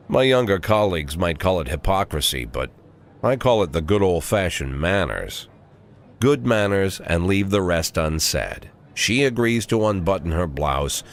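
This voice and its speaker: A man voicing a world-weary police chief of sixty, narrating the game in a dry, sardonic inner monologue. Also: low-pitched. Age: 60s. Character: aging gruff male police chief, cynical, world-weary.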